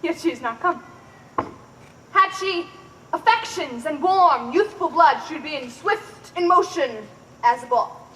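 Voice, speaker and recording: An impatient young girl in love, played by a woman, pleading in a very high, bright voice with an unhurried, drawn-out delivery. The live stage sound is roomy and echoing. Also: animated, slight background noise. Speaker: stage actor. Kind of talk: live outdoor Shakespeare performance.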